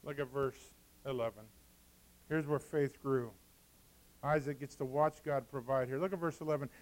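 A male pastor preaching a sermon, acting out scripture scenes with dramatic swings between hushed and loud. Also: medium pitch, steady tone, normal speed.

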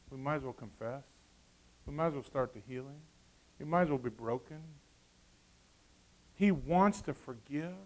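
Man, middle-aged, high voice, preaching, loud then hushed. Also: rough recording. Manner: swings between loud emphasis and quiet asides. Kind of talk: sermon.

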